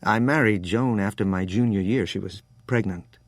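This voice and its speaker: A man's voice: fairly low pitch, normal speed, no room sound, natural voice. A man voicing a frank, world-weary American wine trader in his forties, close to his own reading voice.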